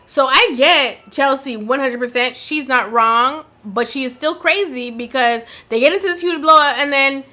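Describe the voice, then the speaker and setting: A woman giving casual, opinionated commentary on a reality dating show, talking in an animated, slangy way. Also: high-pitched, normal speed, hardly any pauses. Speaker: reaction commentator.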